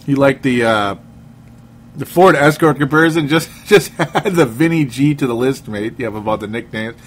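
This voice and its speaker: A man's voice: medium pitch, moderate pace. A man hosting a casual sports podcast. He reads listener comments aloud and laughs often. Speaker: podcast host.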